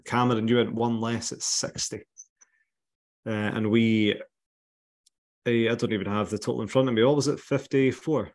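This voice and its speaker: A man's voice: mid-range voice, steady tone, normal speed, long pauses, darkish tone. A Scottish man hosting a casual podcast chat, wry and teasing, often laughing. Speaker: podcast host.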